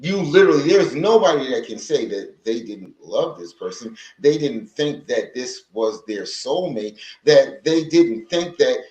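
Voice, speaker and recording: A man's voice: medium pitch, animated, unhurried, hardly any pauses, a little mellow, reverberant, low-quality recording. A man hosting a casual livestream about healing, talking in a rambling, conversational way with many restarts and stopping to greet viewers from the chat. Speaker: livestream host on healing from narcissistic abuse. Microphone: livestream microphone.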